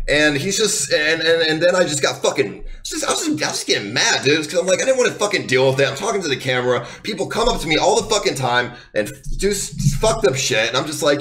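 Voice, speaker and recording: A man's voice: on the high side, sing-song, fast talker, hardly any pauses, fairly bright tone. A young man streaming live, ranting to his viewers in a heated, defensive way, swearing a lot and rambling with many restarts. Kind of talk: unscripted rant to viewers.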